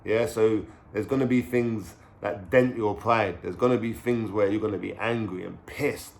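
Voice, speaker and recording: A man's voice: lowish voice, fairly even intonation, moderate pace, vocal fry, a little mellow. A young man with a London street accent telling a story to camera in casual slang, swearing and checking in with "you know what I'm saying?". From London, England. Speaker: vlogger.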